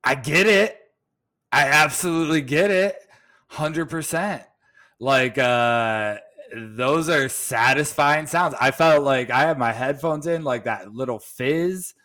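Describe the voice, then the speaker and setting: A man's voice: medium pitch, slow pace, sharp tone. A man co-hosting a casual chat, reacting with short replies and laughs. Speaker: co-host.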